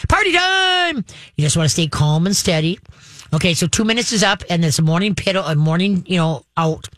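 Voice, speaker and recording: A woman giving puppy training advice on a radio show, folksy and chatty, checking in with a steady stream of "okay?". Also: on the low side, fast talker, no room sound. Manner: folksy, checks in with frequent "okay?", chants the commands.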